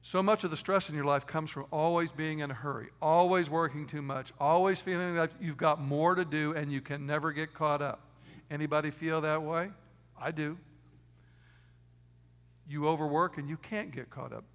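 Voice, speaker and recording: Male pastor, sermon delivery, slightly higher pitch with a gravelly edge, long hall reverb. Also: fairly even intonation, normal speed. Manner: emphatic preaching, swings from loud stresses to quiet low asides.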